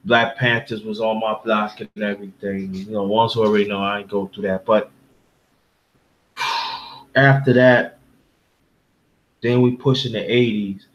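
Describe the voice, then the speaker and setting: A man's voice: fairly low pitch, steady tone, measured pace, long pauses, fairly bright tone, muffled recording. A man from Brooklyn, New York, talking casually and with feeling, rambling and restarting as he recounts a story. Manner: rambling, heartfelt, with many restarts. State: emotional. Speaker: panel host.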